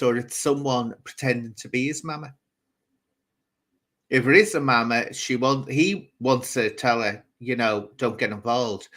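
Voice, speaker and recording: A man's voice: medium pitch, a bit bright. A man hosting his own channel, rambling in gossipy livestream commentary, talking straight to viewers with many asides and restarts. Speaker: YouTube channel host.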